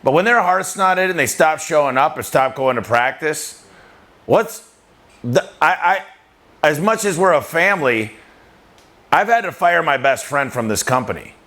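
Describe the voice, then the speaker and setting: A man's voice: on the high side, expressive, moderate pace, pushed and bright. A man who owns a business, talking casually and a bit ramblingly to an audience. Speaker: business owner.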